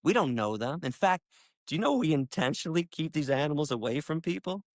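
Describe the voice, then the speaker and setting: A Michigan-based animal rights activist speaks passionately in an interview, his voice lively in intonation and a little fast, recorded clean in a studio with no echo. He tells stories emphatically, acting out quoted dialogue with sharp pitch jumps in an impassioned, conversational way.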